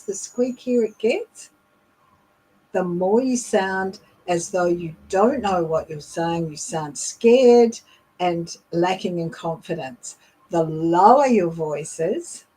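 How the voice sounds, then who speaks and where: Slow, husky-voiced woman coaching on leadership. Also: lowish voice, warm tone, poor audio. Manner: slow, measured and explanatory, with frequent fillers. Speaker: leadership coach and podcast host. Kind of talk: instructional talk.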